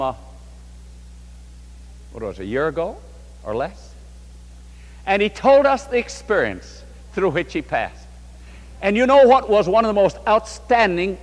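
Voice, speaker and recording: A man's voice: fairly high pitch, long reverb tail. A man preaching a sermon to a large congregation, from New York State, in a fervent, rising and falling delivery. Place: large hall before a congregation.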